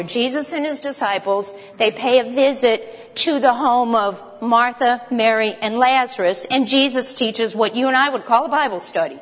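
Woman teaching a Bible study in a reverberant hall. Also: a little high. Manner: conversational, with joking asides to the group.

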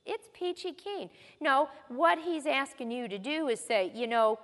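A woman's voice: high voice, expressive, measured pace, fairly bright tone. A woman giving a folksy, conversational Bible teaching in a church hall, mixing scripture readings with personal stories. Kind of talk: sermon-style Bible teaching.

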